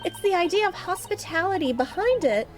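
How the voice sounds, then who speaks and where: A woman reading a gracious young woman, high light voice, calm even read, faint music behind. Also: fairly quick. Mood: gentle. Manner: calm read-aloud of game dialogue.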